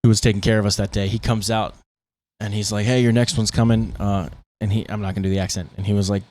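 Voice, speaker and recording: A man's voice: fairly low pitch, fairly even intonation, a little mellow. A man co-hosting a podcast, telling stories in casual, rambling chat with lots of fillers. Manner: fast, rambling storytelling with fillers. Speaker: podcast co-host, band guitarist.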